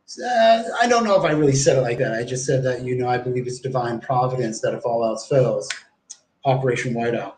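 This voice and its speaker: A man's voice: mid-range voice, fairly quick, a little mellow, slight background noise. A man livestreaming, telling a long rambling story full of swearing and acted-out exchanges. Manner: rambling, profane, acts out quoted exchanges. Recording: echoey room.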